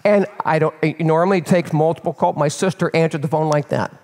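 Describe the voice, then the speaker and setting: An older man preaching as a pastor and telling a personal story in an animated, candid way, often repeating words as he builds. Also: fairly high pitch, fairly quick. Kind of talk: storytelling sermon. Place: church sanctuary. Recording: long reverb of a church hall.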